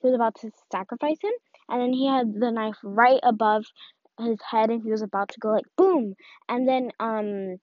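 A woman's voice: fairly high pitch, fairly even intonation, a little fast, no room sound. A woman giving a casual devotional talk, rambling and full of "like" and "um". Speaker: faith talk host. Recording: dull, dry lo-fi recording.

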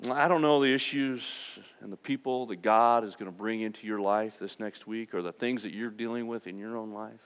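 A man's voice: fairly low pitch, normal speed, few pauses, clean tone. A male pastor preaching a sermon, emphatic and at times impassioned. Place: church sanctuary. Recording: long hall reverb in a church sanctuary.

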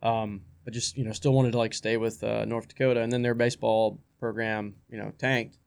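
A man's voice: on the low side, little pitch movement, a little fast, gravelly, darkish tone, clean tone. Chatty man breaking down college baseball. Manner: chatty, repeats words and restarts often. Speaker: guest baseball analyst. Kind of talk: casual sports talk.

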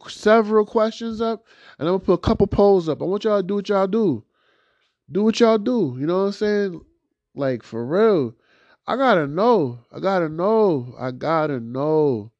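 A young man hosting a solo rant podcast, talking in a lively, profane way that jumps from high outbursts to low grumbles. His voice sits a bit high for a man. The recording is dry and a little dull, like a cheap home mic. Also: dry recording. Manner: animated, profane, swings from loud outbursts to low mutters. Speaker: podcast host.

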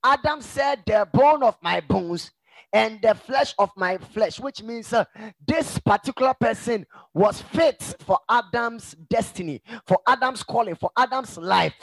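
A middle-aged male pastor preaching a sermon with emphatic swings from hushed asides to shouts, in a gravelly voice. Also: high-pitched, animated, normal speed, dry recording.

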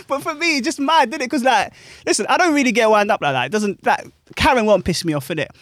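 A young man, a club DJ telling animated stories in casual chat full of slang. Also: very high voice, fairly quick, dry recording. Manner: animated, laughing anecdotes with British slang.

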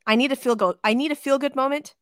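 High-voiced excitable woman podcast co-host. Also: quick pace, no room sound, studio quality. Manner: excitable, swears freely, gushing. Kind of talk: casual sports chat.

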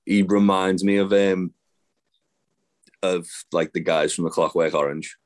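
A man's voice: sits low, steady tone, unhurried. A man co-hosting a casual podcast, rambling with lots of fillers and restarts. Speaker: podcast co-host. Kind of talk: casual wrestling chat.

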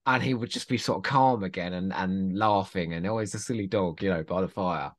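A man's voice: sits low, a little fast. A man hosting a podcast in casual chat, teasing his guest and laughing often. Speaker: podcast host.

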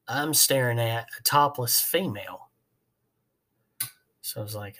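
Guy rambling thru a job story, folksy, lots of uh's, mid-pitched voice. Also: takes it slowly, long pauses, fairly bright tone. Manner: rambling, folksy, with many fillers. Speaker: podcast host, HVAC technician. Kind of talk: casual storytelling.

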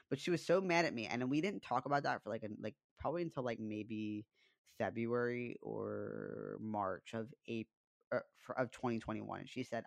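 A man's voice: mid-range voice, moderate pace, vocal fry, no echo. A young man co-hosting a podcast, telling a personal story in a casual, confessional way, full of fillers and swearing. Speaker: podcast co-host.

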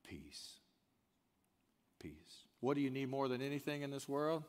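A man preaching a sermon, asking the room questions and swinging between loud peaks and hushed lines. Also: mid-range voice, flat delivery, fast, clean tone. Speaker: pastor. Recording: long hall reverb.

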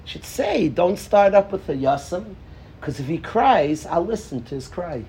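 A man, a yeshiva rabbi, giving an informal Torah lesson to students, animated, acting out little dialogues, calling on students by name and repeating phrases for emphasis. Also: high voice, measured pace, a little hiss or hum.

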